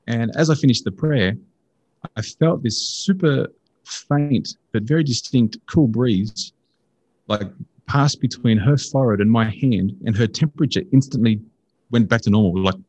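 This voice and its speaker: An Australian man telling a personal faith story in a casual, earnest and excitable way. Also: moderate pace, slightly rough, no room sound, poor audio. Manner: earnest, excitable, jumps into high voices for quotes.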